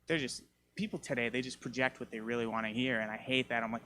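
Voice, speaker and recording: A man doing a stand-up comedy set, telling self-mocking stories in a rambling way with sudden jumps up in pitch. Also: steady tone, fast, sharp tone, slight background noise. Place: comedy show, live audience.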